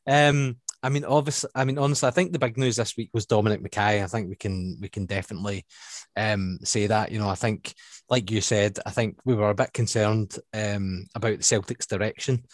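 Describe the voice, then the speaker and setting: A man's voice: on the low side, fairly even intonation, a little fast, dry recording. A man with a Scottish accent co-hosting a casual football chat, talking easily and laughing often. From Scotland. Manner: chatty, laughs often, uses local slang. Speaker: co-host.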